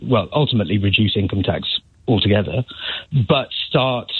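A man's voice: fairly low pitch, lively intonation, moderate pace, slightly rough, no echo. A man calling a radio phone-in, earnestly explaining an idea with many fillers, heard over a phone line. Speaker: caller. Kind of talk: phone-in call. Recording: dry tinny phone line.

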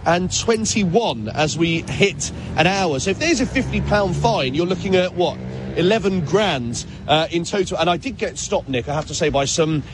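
A man with a fairly high voice reports live from the roadside for the radio, in a chatty and informal way. Faint street and traffic sounds run behind him. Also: animated, normal speed.

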